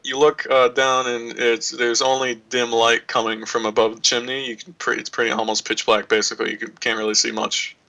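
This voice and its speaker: A man's voice: medium pitch, little pitch movement, a little fast, hardly any pauses, sharp tone, poor audio. A man narrating as game master for a tabletop game, describing scenes loosely with lots of fillers.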